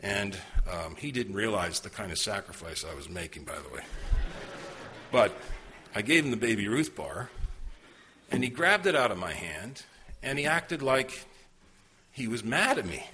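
A man's voice: lowish voice, very animated, moderate pace, pauses often, bright, forceful tone, a little hiss or hum. A man preaching a sermon, telling a story and asking rhetorical questions in an earnest manner. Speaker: pastor.

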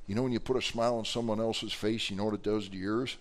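A man preaching a sermon, telling stories animatedly and rising to loud emphasis. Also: lowish voice, fairly even intonation, quick pace, background noise.

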